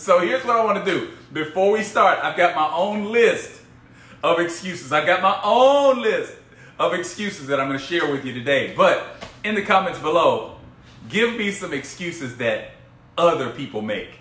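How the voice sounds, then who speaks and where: A man's voice: fairly high pitch, fairly bright tone. A man coaching on a casual live stream, playful and teasing as he talks to viewers. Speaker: business coach. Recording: echoey room with faint ambience.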